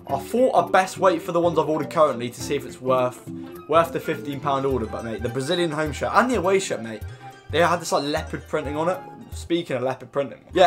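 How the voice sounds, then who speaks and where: A young man with an English accent chatting his way through a football game pack opening, rambling with lots of fillers. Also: fairly high pitch. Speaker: gaming YouTuber. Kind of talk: casual gaming commentary. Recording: music playing behind.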